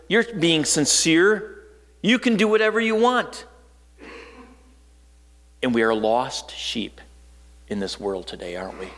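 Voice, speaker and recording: A man from northern Wisconsin preaching a sermon in a conversational, storytelling way, dropping low and quiet for emphasis. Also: big-room sound.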